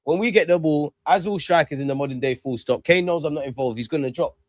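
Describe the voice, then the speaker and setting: A young man talks through a match as it happens, urging players on and cursing the referee. His voice sits a little high. The sound is dry and close, with no room around it. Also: fast talker, no room sound. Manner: excitable, talks to players and ref, swears. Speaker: football fan streamer. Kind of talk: live match watch-along commentary.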